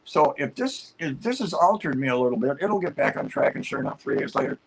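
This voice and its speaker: Husky-voiced man telling stories casually. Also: on the high side, sing-song, fast talker, rough recording. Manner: rambling and upbeat with many fillers and restarts. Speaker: guest telling his life story. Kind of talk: casual storytelling on a talk show.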